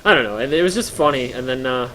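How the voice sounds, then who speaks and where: A man's voice: medium pitch, animated, fast, a bit bright, poor audio. A man talks casually to his stream viewers, a little worn out, wandering through his thoughts with plenty of fillers and restarts. He chuckles easily as he tells stories. His voice sits in an ordinary middle register, with a faint background hum. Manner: rambling storyteller with many fillers and restarts; chuckles often while telling stories. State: a little tired. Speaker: live streamer.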